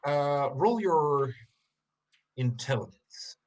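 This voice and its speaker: A man narrating a tabletop game as game master, in slow, halting narration with many fillers. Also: on the high side, expressive, darkish tone.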